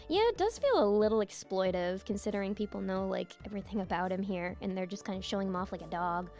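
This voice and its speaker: A young woman streaming a visual novel, reading narration aloud softly and chatting with giggles in between. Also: medium pitch, fast. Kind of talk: reading a game aloud with casual commentary. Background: game music.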